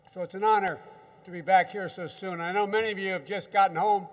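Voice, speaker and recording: A man's voice: high-pitched, steady tone, fairly quick. Older man, folksy rambling speech, echoey hall. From United States. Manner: folksy and rambling, with restarts and repeated words. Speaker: government official addressing troops. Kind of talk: off-the-cuff ceremonial speech.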